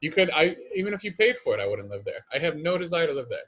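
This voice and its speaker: A man's voice: a little high, sing-song, fast, a bit bright. A young man in casual podcast chat, bluntly complaining and swearing about things he dislikes. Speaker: podcast co-host.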